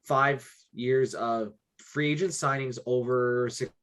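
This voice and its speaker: Animated young man in casual sports chat. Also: medium pitch. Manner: animated, talks in quick bursts with frequent "right?". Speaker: podcast co-host.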